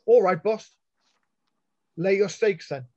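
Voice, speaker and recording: A man's voice: high voice, takes it slowly, darkish tone, no echo, voice pushed up. A poor young commoner speaks in an earnest, slightly raised voice, as a male reader voices him. He protests and pleads instead of boasting. The audio is dull and lo-fi. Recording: dull lo-fi online call audio.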